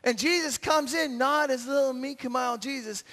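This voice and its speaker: A man giving an animated sermon at a retreat, telling stories with shouts and acted-out voices. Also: extremely high pitch, moderate pace, few pauses, background noise. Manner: lively storyteller acting out scenes with shouts. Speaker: retreat speaker. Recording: long hall reverb.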